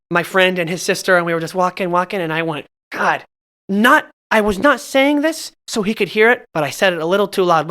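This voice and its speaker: A young man from Southern California telling stories on a podcast, halting and self-mocking, with lots of restarts. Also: sits high, pushed and bright. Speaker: podcast storyteller. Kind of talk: casual podcast chat.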